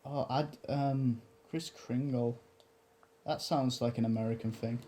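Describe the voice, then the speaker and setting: A man's voice: medium pitch, steady tone, a little slow, dark tone. A young man from England co-hosting a casual podcast, playful and prone to silly voices. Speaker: co-host. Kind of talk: casual chat.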